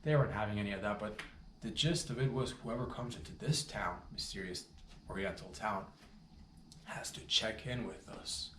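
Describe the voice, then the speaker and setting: A man telling an absurd comic story in a rambling, swaggering, slangy way. His voice jumps up high when he gets worked up. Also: moderate pace, a bit bright, echoey room, a little hiss or hum.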